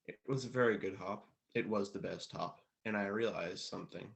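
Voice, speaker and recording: A man reading a children's storybook aloud at a church service, plain and steady. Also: on the low side, a little fast, gravelly.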